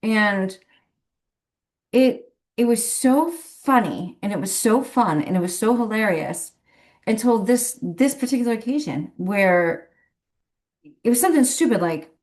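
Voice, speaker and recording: A woman's voice: a little high, animated, measured pace, long pauses, darkish tone. A woman who works as a medium, telling a rambling story in a casual, chatty way and laughing often between phrases. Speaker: professional medium.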